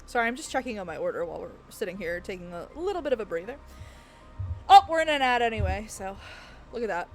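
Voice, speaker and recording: A woman's voice: medium pitch, big pitch swings, quick pace, soft background music. A woman game streamer chatting casually with her viewers in a bubbly, giggly, gushing way.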